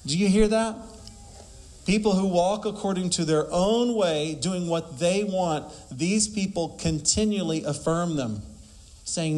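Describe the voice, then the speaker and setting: A man's voice: sits high, unhurried, a little mellow. A man preaching a sermon emphatically, asking rhetorical questions and quoting scripture.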